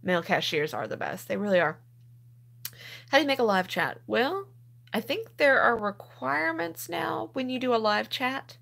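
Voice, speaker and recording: A woman in a casual live-stream chat, reading comments aloud with quick laughs. She explains things patiently and in plain terms, like talking to friends. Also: fairly high pitch, lively intonation, gravelly, a bit bright. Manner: chatty and laughing, explains step by step. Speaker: couponing channel host.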